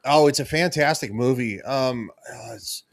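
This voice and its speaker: A man guesting on a casual podcast, animated and acting out quotes as he talks. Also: medium pitch, measured pace, no echo, studio quality.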